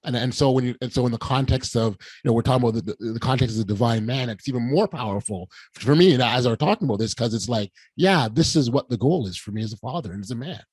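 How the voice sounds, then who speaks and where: A man's voice: medium pitch, fast, few pauses, slightly rough, dry recording. A middle-aged man hosting a podcast conversation, telling a story with lots of restarts and emotion. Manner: animated, stammering restarts, emotional retelling. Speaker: podcast host. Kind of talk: casual conversation.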